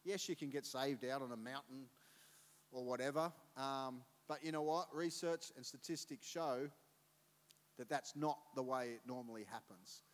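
A middle-aged man preaching a sermon as a pastor, telling stories in an animated way and acting out voices. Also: medium pitch, normal speed, clear, resonant tone. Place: church auditorium. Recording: long reverb of a church hall.

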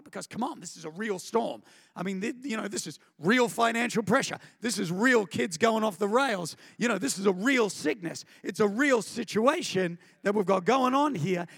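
A man preaching a sermon, telling a story with animated delivery. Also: gravelly, husky. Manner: animated storytelling, pitch leaps high in dramatic moments. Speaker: pastor. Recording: long hall reverb.

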